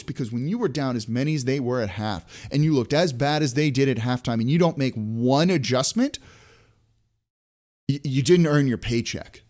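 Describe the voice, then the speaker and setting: A man's voice: mid-range voice, moderate pace, darkish tone. A man hosting a sports podcast, ranting in exasperation with many restarts and rhetorical questions. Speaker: podcast host. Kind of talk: frustrated sports podcast rant.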